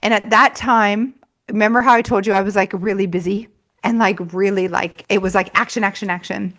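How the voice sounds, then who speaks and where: A woman's voice: mid-range voice, steady tone, a little fast, a bit bright. A woman who works as a money mindset coach, a guest in an interview, telling a story in a chatty way with frequent laughs and fillers.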